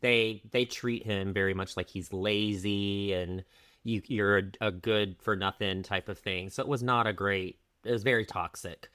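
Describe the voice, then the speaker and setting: A man's voice: on the low side, steady tone, moderate pace, pushed and bright, clear, resonant tone, no room sound, studio quality. A man co-hosting a casual history podcast, telling the story with jokes, laughter and acted-out quotes. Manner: jokey storytelling, laughs often, acts out quotes. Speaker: podcast co-host.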